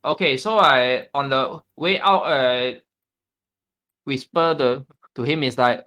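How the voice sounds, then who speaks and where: A man taking part in a tabletop role-play. He speaks slowly, in a cautious and halting way, at an ordinary middle pitch. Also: bright, forceful tone, poor audio. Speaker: player.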